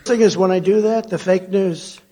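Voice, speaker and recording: An older man giving a rambling rally speech to a conference crowd, with mocking asides, swinging between loud and low. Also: normal speed. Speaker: political speaker at a conference. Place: large conference hall before an audience.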